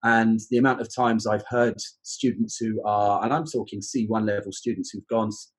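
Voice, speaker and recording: Man, London accent, low husky voice, chatty podcast guest, many fillers. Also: steady tone, moderate pace. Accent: southern English, London. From southern England. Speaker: guest, exam teacher. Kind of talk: casual podcast conversation.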